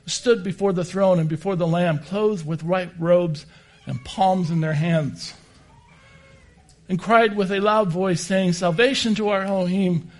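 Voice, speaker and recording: A man's voice: a little high, a little mellow. A man preaching a sermon and reading scripture passages aloud.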